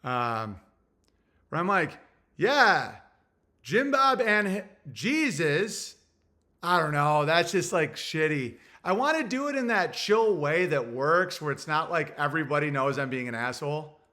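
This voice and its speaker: A young man hosts his own livestream, rambling crudely as he thinks out loud and reads viewer messages. His voice sits a little high for a man, with a sharp, bright edge to it. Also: sing-song, unhurried. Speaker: livestream host reading super chats. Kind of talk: casual livestream rant.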